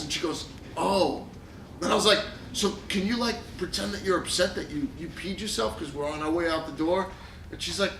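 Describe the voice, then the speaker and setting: Casual podcast host, male, 30s, chatty profane storyteller, high voice, roomy echo, faint hiss. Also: expressive, moderate pace. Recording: echoey room, distant mic, faint hiss.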